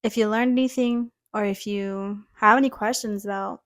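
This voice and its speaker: A young woman telling a story in a casual vlog about her job as a dental assistant, chatty and animated, acting out what people said. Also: mid-range voice, moderate pace. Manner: chatty, animated, acts out quotes.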